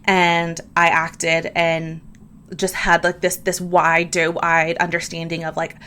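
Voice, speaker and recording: A woman's voice: fairly low pitch, completely flat delivery, takes it slowly, a bit bright, slight background noise. A woman hosting her own podcast, talking candidly and earnestly, addressing listeners directly and often repeating words as she works through her thoughts. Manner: earnest, emphatic, repeats words when moved. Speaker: podcast host. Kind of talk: candid personal podcast monologue.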